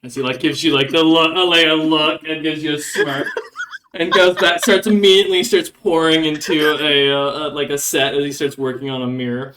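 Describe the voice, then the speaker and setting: A man's voice: on the high side, flat delivery, normal speed, pushed and bright, distant mic, slight background noise. A man narrating as game master in a loose, rambling way with many fillers.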